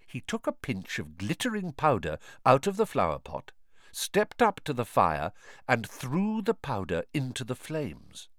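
A man narrating a storybook in an expressive, lively way. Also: medium pitch, a little slow, no echo, clean studio sound. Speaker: audiobook narrator.

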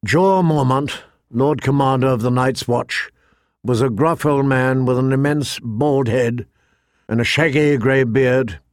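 A man narrating a fantasy audiobook in a steady, measured way. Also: medium pitch, no echo, clean studio sound.

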